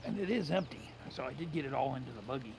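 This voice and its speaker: A man off to the side of the microphone, chatting casually in a soft-spoken, offhand way with the streamer. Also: mid-range voice, expressive, quick pace, gravelly. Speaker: companion off camera. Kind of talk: casual chat. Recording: distant off-mic voice with background noise.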